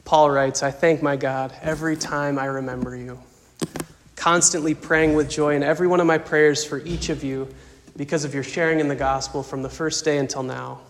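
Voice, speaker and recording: A male pastor gives a farewell sermon in a fairly high voice. He speaks softly and emotionally, pausing often. The long reverb of a church sanctuary hangs on his words. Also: level tone. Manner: emotional, soft-spoken, slow pauses.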